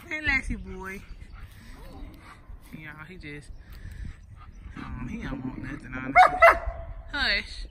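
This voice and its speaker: A woman's voice: mid-range voice, big pitch swings, slow, gravelly, long pauses. A woman with a Southern US accent, chatting casually to viewers on a phone camera while walking around her farm. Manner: chatty, addresses viewers as y'all. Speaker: vlogger. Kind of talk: casual vlog walkthrough. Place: outdoors on a farm. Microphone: phone camera held by the speaker. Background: farm animals and outdoor noise.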